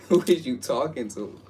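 A man's voice: medium pitch, dark tone, a little hiss or hum. A man in joking banter, teasing and bossing his friend around playfully. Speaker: co-host.

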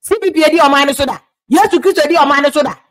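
Emphatic high-voiced Ghanaian woman. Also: fast talker, poor audio. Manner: switches between English and Twi, emphatic, repeats for stress. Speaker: political commentator. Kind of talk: heated political commentary.

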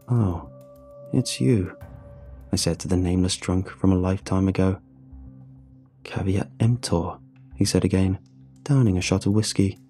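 A man narrating a first-person horror story in a measured, even storytelling voice. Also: low-pitched, slightly rough.

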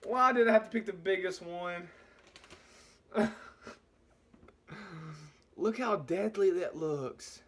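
A man's voice: sits high, slow pace, long pauses, a bit bright, a little hiss or hum. A man vlogging casually to his viewers, exclaiming and repeating himself as he talks. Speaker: vlogger doing a food challenge. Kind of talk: casual vlog talk to camera.

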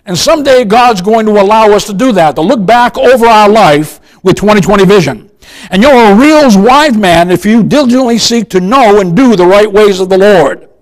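A man's voice: sits high, lively intonation, moderate pace, low-quality recording. An older man preaching a sermon as pastor, emphatic, often calling his listeners "beloved" and asking them questions. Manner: emphatic, repeats "beloved", asks the congregation questions.

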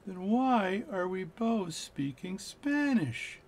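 A man voicing a slow-talking Newfoundland guy in a told joke, stretching his words out. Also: medium pitch, lightly acted. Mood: bewildered. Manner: drawn-out, deliberately slow joke delivery.

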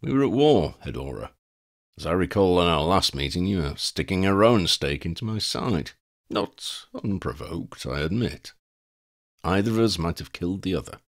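A man's voice: low-pitched, expressive, moderate pace. A man doing a courtly male vampire. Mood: formal. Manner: formal, old-fashioned phrasing.

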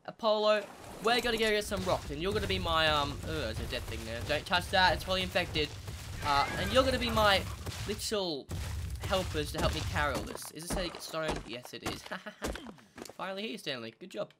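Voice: mid-range voice, a little fast. A gaming channel host, chatting through gameplay commentary and talking to the animals in the game. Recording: steady background noise.

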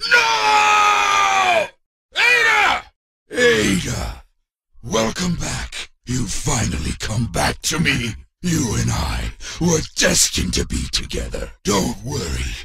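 An actor playing a middle-aged, obsessive and possessive male villain in a video game, with a raspy, gravelly voice and creepy crooning broken by sudden shouts. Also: mid-range voice, huge pitch swings, slow, dry recording, studio quality, full character voice. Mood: anguished screams.

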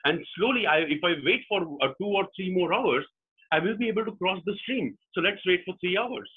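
A man voicing an anxious, frustrated male fox who pleads for help, speaking higher than his usual voice. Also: animated, a little fast, husky. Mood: pleading. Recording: tinny phone-like line.

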